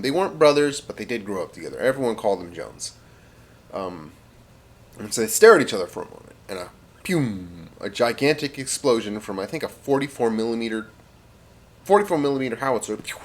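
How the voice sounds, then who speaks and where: A man's voice: medium pitch, big pitch swings, fast talker. A man spins a comic tall tale in a loose, rambling way. His voice swings up and down a lot. He throws in fillers and mouth sound effects as he goes. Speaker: storyteller. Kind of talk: casual comic storytelling.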